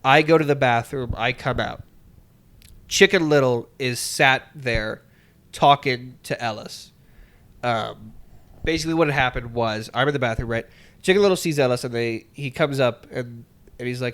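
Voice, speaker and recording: Smooth-voiced man, rambling deadpan storyteller. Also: medium pitch, moderate pace. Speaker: podcast co-host. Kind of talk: casual comedic podcast chat.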